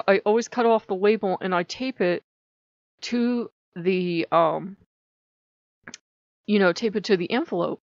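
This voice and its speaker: A woman hosting her own channel, telling a personal story in a casual, animated way as she vents. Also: medium pitch, no echo. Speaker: channel host. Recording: dull, lo-fi dry recording.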